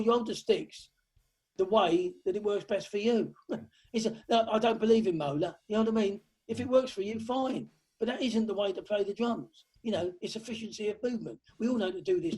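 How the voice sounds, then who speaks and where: A man's voice: high-pitched, a little fast, darkish tone. A man talking as a guest drummer on a video call, giving blunt, emphatic advice and singing drum patterns aloud. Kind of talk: lockdown video call interview.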